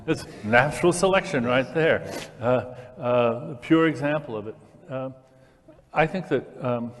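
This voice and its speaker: A man in a public onstage discussion, speaking with enthusiasm and demonstrating his points as he explains. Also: medium pitch. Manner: enthusiastic, demonstrative, with fillers and restarts. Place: large hall, in front of an audience. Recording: long hall reverb.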